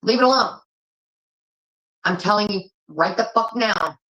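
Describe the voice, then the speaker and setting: A woman's voice: medium pitch, lively intonation, a little slow, bright, forceful tone, muffled recording. A woman livestreamer ranting angrily at her chat, swearing often and scolding her viewers. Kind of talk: heated livestream rant.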